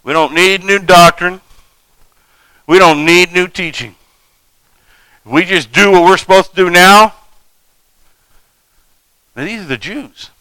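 A male preacher reads scripture aloud and breaks off into folksy, humorous asides. His voice is bright and clear, and it sits somewhat high for a man. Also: unhurried, long pauses, dry recording, poor audio. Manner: folksy, jokey asides between scripture reading. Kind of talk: sermon.

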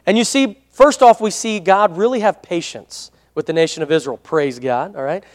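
Male pastor, high voice, chatty sermon, asks for amens, reverberant church hall. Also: moderate pace. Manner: conversational preaching with frequent amen prompts.

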